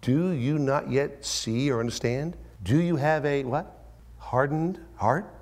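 Man, pastor, sermon, whispers then shouts, acts out quotes. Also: unhurried. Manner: swings from hushed whispers to loud, high-pitched emphatic rises; acts out quoted voices with strong pitch jumps. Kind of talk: expository sermon.

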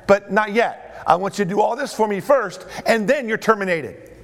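A man's voice: high-pitched, moderate pace. A man voicing a stern wealthy master who bluntly scolds and fires his servant.

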